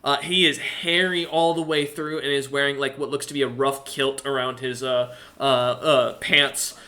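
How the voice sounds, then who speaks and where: A man's voice: medium pitch, level tone, moderate pace, bright, forceful tone. A man narrating a tabletop game as game master, rambling along with lots of ums and uhs. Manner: rambling with many fillers.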